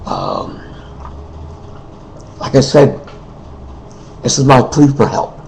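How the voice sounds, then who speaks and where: A man speaking in an unscripted personal monologue, emotional and weary, halting, repeating himself and often clearing his throat. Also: medium pitch, wildly swooping pitch, a little mellow, slight background noise, rough recording. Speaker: person making a personal appeal.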